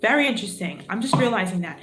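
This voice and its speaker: A woman's voice: mid-range voice, animated, quick pace, reverberant, very noisy. A woman giving a live tarot reading, chatty and exclamatory, thinking aloud as she draws cards. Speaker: tarot reader.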